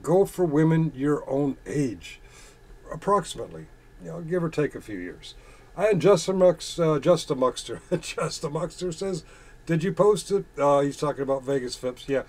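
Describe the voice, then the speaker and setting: A man's voice: mid-range voice, darkish tone. A man hosting a casual chat stream, reading out viewer comments and answering them in a crude, profane and mocking way. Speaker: channel host reading chat.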